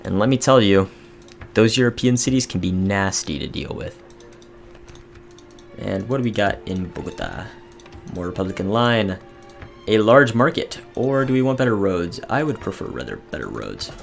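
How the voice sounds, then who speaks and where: A young man giving casual, excitable commentary over a strategy game, reading game events aloud. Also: lowish voice, normal speed, gravelly. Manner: chatty, excitable, reads in-game text aloud. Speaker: gaming video host. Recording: faint music behind.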